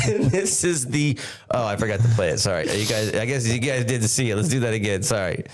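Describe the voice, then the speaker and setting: A man's voice: medium pitch, animated, a little fast, a little hiss or hum. A man co-hosting a live-streamed podcast, chatting casually and narrating aloud while he fumbles with his phone and screen. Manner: rambling, narrates what he does on screen. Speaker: podcast co-host.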